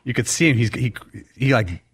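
A man's voice: mid-range voice, lively intonation, brisk, breathy edge. A man co-hosting a sports talk radio show, rambling and tripping over his words. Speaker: radio co-host.

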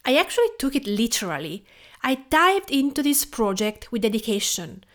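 A Tuscan woman of around forty with an Italian accent, hosting a podcast and telling her story in a calm, measured scripted reading. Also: on the high side. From Tuscany, Italy. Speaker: podcast host and home cook.

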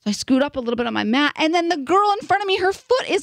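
Young woman podcast host rambling through a story, kinda high voice, super dry mic. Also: very fast, no echo. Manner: animated, filler-heavy storytelling with "like". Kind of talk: casual storytelling chat.

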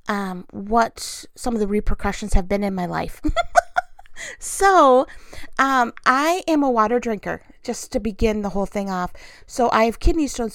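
Chatty woman with a gravelly edge. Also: on the high side, no echo. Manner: chatty, laughs often, animated storytelling. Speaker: vlogger. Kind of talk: casual chat to camera.

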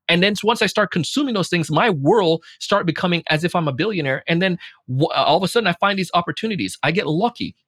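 A man talking casually as a podcast guest, animated, acting out quoted voices. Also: a little high, slightly rough, no echo, studio quality. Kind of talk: casual chat.

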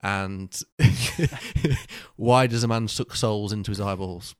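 A man talks playfully on a podcast, piling up rhetorical questions. His voice is low and resonant. The sound is dry and close. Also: steady tone, slow pace, clean tone, dry recording. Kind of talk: casual podcast chat.

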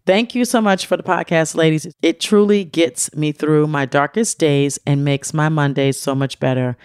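A woman's voice: deep voice, a little mellow, clear, resonant tone, no room sound, studio quality. A middle-aged woman co-hosting a podcast, reading listener mail aloud in a playful, teasing way. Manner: playful, teasing, drawn-out emphasis. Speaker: podcast co-host.

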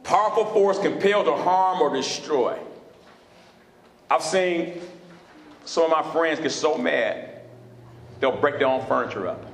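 High-pitched pastor guy preaching at his church, lots of call and response, echoey hall. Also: unhurried, gravelly, pauses often. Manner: call-and-response preaching, asks the congregation questions. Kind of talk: sermon. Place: church sanctuary.

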